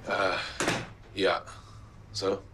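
A guarded, awkward English father. His voice is very low. He speaks in halting, hesitant fragments, with faint noise in the background. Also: little pitch movement. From England.

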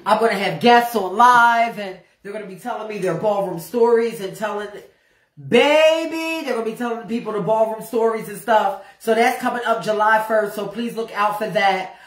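A woman's voice: medium pitch, normal speed, reverberant. A woman ranting on a livestream in a brash, profane way, repeating phrases over and over for emphasis. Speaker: live streamer. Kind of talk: unscripted livestream rant.

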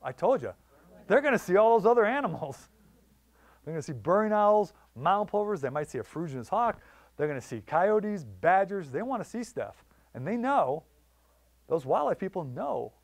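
A man giving a public lecture on wildlife conservation in a library, telling stories with lively voiced quotes. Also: high voice, normal speed, dry recording. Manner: animated storytelling with voiced quotes.

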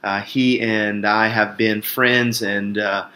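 Bright-voiced pastor, upbeat. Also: male voice, lowish voice, flat delivery, slow.

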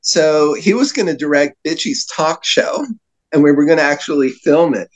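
A man with a fairly high voice, speaking at normal speed, tells long, rambling anecdotes as a podcast guest in casual storytelling chat. He uses frequent fillers and laughs often, and the audio quality is poor.

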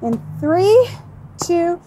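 A woman's voice: very high-pitched, very animated, very slow, noisy background. A woman fitness instructor leading a workout, calling out moves and countdowns in an upbeat, coaching way while she exercises along.

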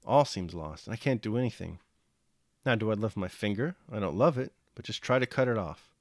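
A man's voice: fairly low pitch, lively intonation, a little fast, no room sound, studio quality. A man voicing a nobleman husband and father in a novel reading, blunt and affectionate in turn. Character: warm, gruff landed nobleman, husband and father.

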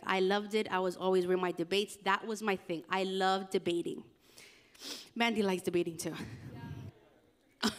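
A young adult woman, a youth pastor, preaching a casual youth sermon in a chatty, animated way with slangy asides. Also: medium pitch.

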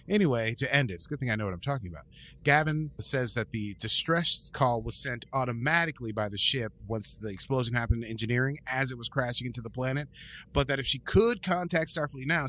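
A man's voice: medium pitch, sharp tone. A man hosting a podcast, giving a casual, rambling episode recap with asides. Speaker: podcast host.

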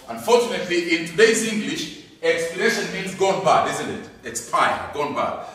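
A man preaching a sermon, emphatic, repeating key words and swinging between loud and soft. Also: on the high side. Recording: echoey hall, distant mic.

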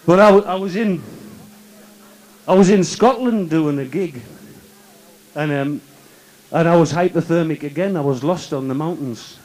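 A man's voice: a little high, normal speed, long pauses, darkish tone, low-quality recording. A man telling comic tall tales live at a folk club, mock-sincere and insisting every word is true. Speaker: comic storyteller.

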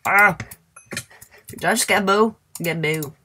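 A man's voice: high-pitched, normal speed, sharp tone, a little hiss or hum. A man giving casual let's-play commentary in a goofy, rambling way, humming and singing to himself and squealing now and then.

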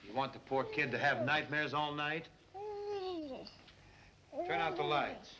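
An actor playing a good-natured young cab driver with a relaxed, teasing, coaxing way of talking. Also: male voice, on the high side, measured pace, heavy background noise. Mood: crooning. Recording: dull old film soundtrack with music.

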